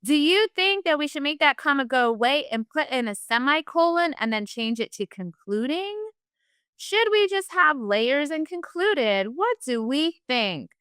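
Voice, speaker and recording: Upbeat woman teacher, bright voice. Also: high-pitched, big pitch swings, measured pace, dry recording, studio quality. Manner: upbeat, encouraging, uses "y'all". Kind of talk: virtual class lesson.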